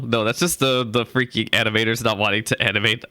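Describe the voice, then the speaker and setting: A man's voice: fairly low pitch, steady tone, fast, few pauses, bright, forceful tone, no room sound. A man chatting casually while playing through a game, reading quest lines aloud, laughing and joking as he goes. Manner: chatty, laughs often, swears mildly. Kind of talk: casual let's-play commentary.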